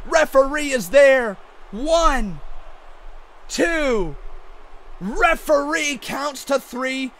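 A man doing mock wrestling play-by-play commentary over a video game, excitable and often shouting. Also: very high-pitched. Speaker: gaming YouTuber.

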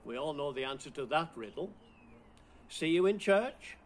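A man's voice: on the high side, animated, normal speed, a little hiss or hum. A man running a playful Christmas riddle routine, puzzling aloud over each one before chuckling at the answer.

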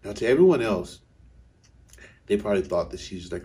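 A man's voice: on the low side, lively intonation, normal speed, dark tone. A middle-aged man, a vocal coach, telling a personal story in a candid, emotional way, chuckling and correcting himself as he goes.

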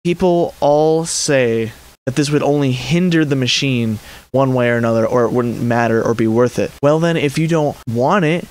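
Talking to camera, this man runs a 3D printing hobby channel and rambles through a frustrated, exasperated commentary, frequently stopping to correct himself partway through sentences. He speaks at a moderate pace in a medium-pitched, slightly mellow voice.

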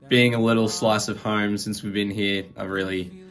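A young Australian man with a fairly low voice records a relaxed, friendly goodbye to a mate. Soft music plays quietly underneath. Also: normal speed. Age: young adult. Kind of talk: farewell message.

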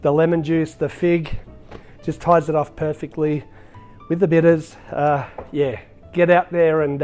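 A man bartending on his own show talks through each drink in a loose, cheerful way. His voice sits a little high, and he scatters filler words as he chats. Soft music plays faintly underneath. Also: little pitch movement, unhurried. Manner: chatty, upbeat, with frequent filler words. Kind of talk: casual cocktail demonstration.

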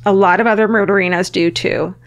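A woman's voice: medium pitch, fairly even intonation, quick pace. A woman co-hosting a podcast, chatting casually and reading listener stories aloud, laughing often and swearing freely. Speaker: podcast co-host.

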